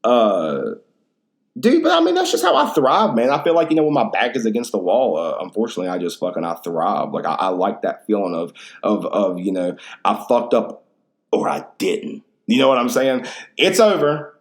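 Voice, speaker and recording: A man's voice: fairly low pitch, animated, normal speed. A man in his thirties hosting a casual solo podcast, telling rambling stories full of slang and swearing. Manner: rambling, profane, slangy storytelling. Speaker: podcast host.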